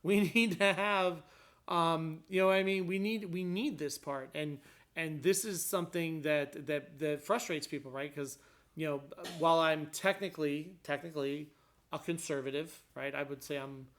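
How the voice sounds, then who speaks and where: A man's voice: on the high side, moderate pace, fairly bright tone. A man talking casually in a conversation, explaining his views with frequent restarts and rising emphasis. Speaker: guest describing his court hearing.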